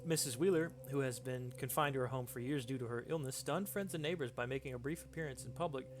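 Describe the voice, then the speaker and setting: A man voicing a formal, upbeat 1920s male newsreader who reads a period news article aloud in a measured, announcing manner. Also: mid-range voice, over music, natural voice.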